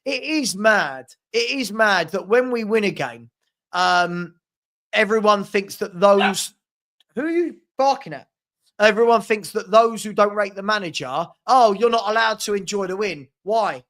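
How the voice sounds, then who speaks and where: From his room at home, a young man hosts a live football watchalong, chatting casually, reading out viewer comments and scolding a puppy. His voice sits high and sounds animated and a bit bright, at a measured pace.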